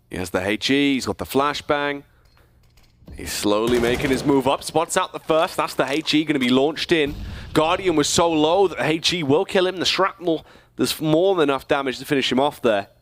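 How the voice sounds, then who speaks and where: A man's voice: mid-range voice, moderate pace. A man commentating an esports match, dramatic and building with the action. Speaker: esports caster. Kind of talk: play-by-play commentary.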